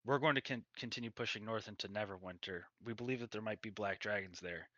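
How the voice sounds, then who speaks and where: A man's voice: lowish voice, fast talker, fairly bright tone, dry recording, dull audio, natural voice. A man voicing a zealous male knight who is eager to hunt down dragons, speaking in a fervent, pushy way. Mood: urgent.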